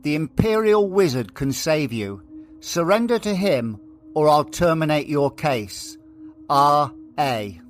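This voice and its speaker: A man with a fairly high voice narrates a true-crime podcast from a script, quoting letters slowly and deliberately. Soft music sits faintly behind his voice. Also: expressive.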